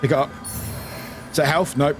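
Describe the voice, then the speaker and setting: A British streamer who talks through a game live, exclaiming and repeating lines. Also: male voice, on the high side, moderate pace, music in the background. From United Kingdom. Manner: excitable, exclaiming and repeating itself. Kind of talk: live gameplay commentary. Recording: noisy stream audio.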